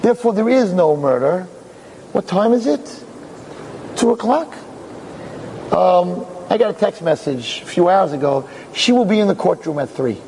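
A slick, smug defense lawyer with a needling, mocking edge, as a storyteller puts him on, pitching his voice up and down across his lines. His questions come with a sly, cutting bite. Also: lively intonation, moderate pace, pauses often, a little mellow, a little hiss or hum, rough recording. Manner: needling, mocking cross-examination.

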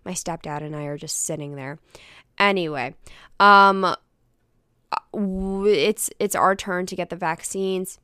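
A woman's voice: fairly low pitch, fairly even intonation, a little slow, bright, forceful tone, clean tone, no echo, clean studio sound. A young woman hosting a casual solo podcast, telling stories in a rambling, self-deprecating way and swearing casually. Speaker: podcast host.

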